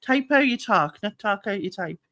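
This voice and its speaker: A woman's voice: medium pitch, expressive, moderate pace, sharp tone, no room sound. Woman guest on a livestream video call: chatty and slangy, laughs a lot, dry sound. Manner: chatty, laughs, uses casual British slang. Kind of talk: casual group chat on a livestream.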